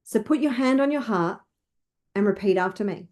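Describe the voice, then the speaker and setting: A woman wealth coach leading listeners through slow, emphatic affirmations to repeat after her. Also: medium pitch, expressive, a little mellow.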